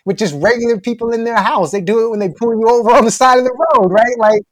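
A man in his forties, a guest author in a casual interview, talking with many fillers and restarts and growing animated as he makes his points. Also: very high voice, fast talker, no room sound, clean studio sound. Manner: fluent but filler-heavy, frequent "like" and restarts; grows animated and intense when making a point.

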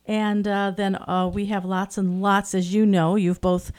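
A woman's voice: mid-range voice, level tone, measured pace, darkish tone. A woman who directs a youth theater program, chatting in an interview in a rambling way with many fillers. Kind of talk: casual interview chat.

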